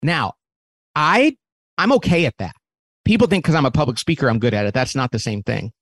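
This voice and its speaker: A man who runs a company, talking as an interview guest and lively acting out quoted remarks as he explains a model. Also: medium pitch, brisk, no room sound. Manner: animated, acts out quotes in different voices; repeats words when restarting.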